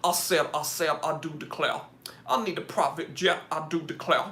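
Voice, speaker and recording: A man's voice: on the high side, normal speed, sharp tone. A man voicing a blustering Southern cartoon rooster with a drawling, repetitive delivery. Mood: blustery. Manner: drawling, repeats "I do declare". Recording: echoey room.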